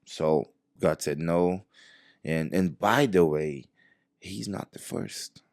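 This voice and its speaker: Man, very low pitch, gravelly, dry close sound, animated storyteller. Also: takes it slowly, no echo. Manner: animated, acts out quoted dialogue. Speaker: jiu-jitsu professor, guest. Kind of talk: casual storytelling.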